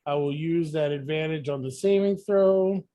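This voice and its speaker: A man's voice: a little high, normal speed, dark tone. A man narrating as game master of a tabletop game, hesitant with many fillers.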